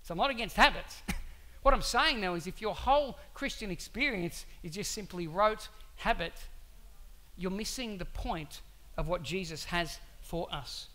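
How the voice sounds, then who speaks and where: A male pastor preaching to his church in a conversational, animated way, full of rhetorical questions. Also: high-pitched, moderate pace. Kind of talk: sermon.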